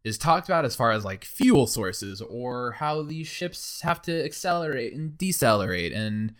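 A young man co-hosting a podcast in casual chat, rambling and excitable, full of fillers. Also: medium pitch, normal speed. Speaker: podcast co-host. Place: in person in a shared room.

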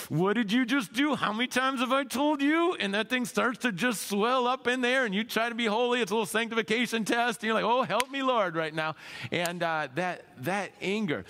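A fairly high-voiced male pastor delivers an animated sermon. He acts out voices in his quotes and swings from loud rises to quiet drops. His voice rings with the long reverb of a church hall.

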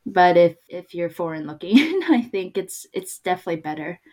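A woman's voice: fairly low pitch, sing-song, moderate pace, a little mellow. A woman born in Korea, talking casually and animatedly, laughing often and using many fillers. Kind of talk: casual chat.

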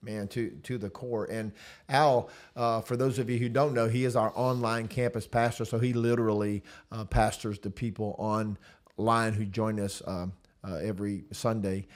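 A man, a pastor, chatting casually about his church, relaxed and laughing easily, with many fillers. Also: on the low side, normal speed. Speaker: senior pastor. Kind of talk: casual chat.

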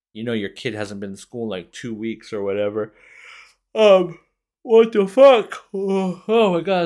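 A young man with a low voice hosts a podcast on his own. He rambles through his stories with a lot of swearing and mocks himself as he goes. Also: bright, forceful tone. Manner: rambling, profane, self-mocking. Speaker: podcast host. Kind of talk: casual solo storytelling.

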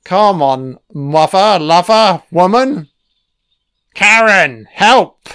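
Brief: male film commentator, unhurried, smooth clear voice, swears a lot, yells at the screen. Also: high voice, lively intonation, no echo, studio quality. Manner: swears constantly, cheers at the screen. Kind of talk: casual profane film reaction commentary.

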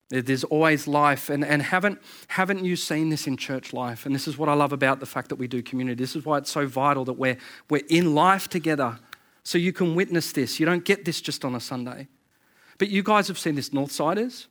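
A man preaching a sermon as pastor, animated and repeating words as he builds to his points. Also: on the high side. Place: church service.

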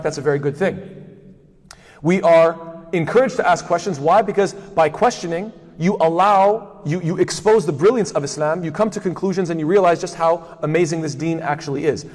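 A man teaching a religious lesson who keeps posing rhetorical questions, stumbles through doubled fillers and restarts, and recites verses quickly. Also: on the high side. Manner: asks himself rhetorical questions ("what?"). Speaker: Islamic studies teacher. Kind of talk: lecture on hadith. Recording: long hall reverb.

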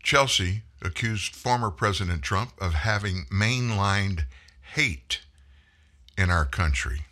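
A man's voice: sits low, expressive, slow, bright, forceful tone. A man hosting a political commentary show, delivering an opinionated monologue with mocking, folksy asides.

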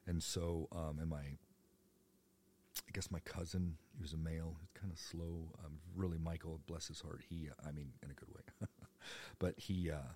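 A man's voice: rumbling low, steady tone, normal speed, a little mellow. A man in his fifties telling stories from his youth in a rambling, joking way, with the odd swear. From United States. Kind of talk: personal storytelling monologue.

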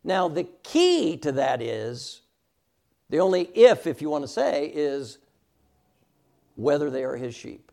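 A man's voice: on the high side, very animated, takes it slowly, gravelly, long pauses, warm tone. A middle-aged man teaching a Sunday school class, emphatic and often checking in with "all right?".

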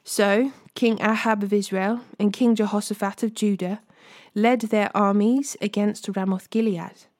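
A woman hosting a daily Bible reading, reading scripture aloud in a measured way and gently voicing the quoted speakers. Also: medium pitch, steady tone, no echo, clean studio sound.

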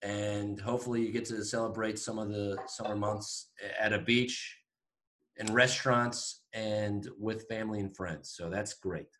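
A man's voice: fairly low pitch, fairly even intonation, unhurried, fairly bright tone, low-quality recording. Podcast co-host, male, casual and upbeat, rambles through the news. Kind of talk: casual chat.

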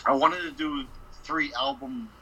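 A man's voice: on the high side, fairly even intonation, unhurried, pushed and bright, slight background noise, poor audio. A man telling a rambling, profane story in a casual interview, laughing and acting out what people said. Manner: profane, laughing, acts out quotes. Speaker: record label boss, guest.

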